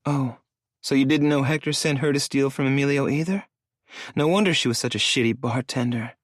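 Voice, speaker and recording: A man's voice: fairly quick, no room sound, clean studio sound, natural voice. A man voicing a defiant, grieving young woman. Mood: bitter, hysterical. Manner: high-pitched, strained and shouting at peaks. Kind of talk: audiobook character voice.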